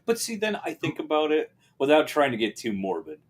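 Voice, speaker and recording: A man's voice: a little high, very animated, a little fast. Profane laughing male podcast host. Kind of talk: casual podcast chat.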